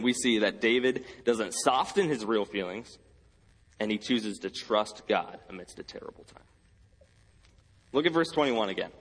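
Husky preacher in a reverberant church. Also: male voice. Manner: earnest, reads scripture slowly, rises in pitch when quoting cries. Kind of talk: sermon.

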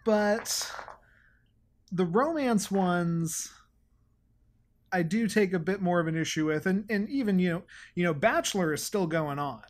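A man's voice: high-pitched, measured pace, long pauses. A man co-hosting a podcast in casual chat, sarcastic and often stammering and restarting his words. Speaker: podcast co-host.

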